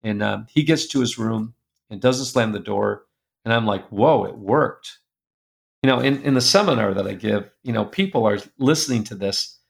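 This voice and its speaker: Gravelly man telling an earnest story. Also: fairly low pitch, animated, fairly quick. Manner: earnest, confessional, drops quiet and soft in painful moments. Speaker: guest speaker. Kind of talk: personal storytelling in a conversation.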